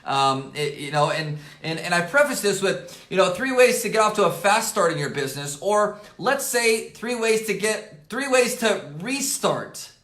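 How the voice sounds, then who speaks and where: Seated at his office desk, a man gives a motivational network marketing coaching talk to camera in a high, slightly hoarse voice. He speaks emphatically and energetically, repeating key points and using "right?" and "okay?" to fill pauses, recorded with a roomy echo.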